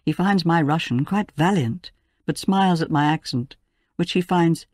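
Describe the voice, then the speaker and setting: A woman's voice: low-pitched, moderate pace, a little mellow, dry recording. Woman reading a memoir in a dry voice. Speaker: audiobook narrator. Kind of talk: scripted first-person memoir narration.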